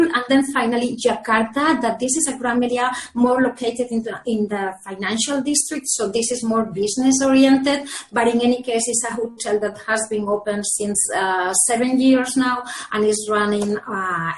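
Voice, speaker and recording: A woman's voice: fairly high pitch, moderate pace, faint music behind. Woman presenting, echoey room. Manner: friendly, explanatory, with fillers. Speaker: hotel brand presenter. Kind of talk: business presentation.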